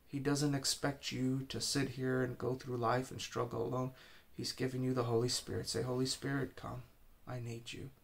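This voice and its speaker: Gravelly guy preaching, earnest and repetitive, mid pitch. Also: little pitch movement, moderate pace, hardly any pauses. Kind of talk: informal sermon.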